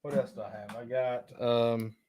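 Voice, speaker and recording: Excitable male host, casual rambling delivery, medium pitch, dry recording. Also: unhurried, no room sound. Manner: excitable, rambling, reacts loudly to viewer photos. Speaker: outdoors show host. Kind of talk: casual live-stream chat.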